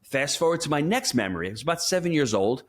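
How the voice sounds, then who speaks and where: A man's voice: fairly high pitch, quick pace. A man talking as a money coach in a podcast interview, telling stories and giving advice in an emphatic, coaching way. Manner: animated storyteller, emphatic and coaching. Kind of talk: conversational interview.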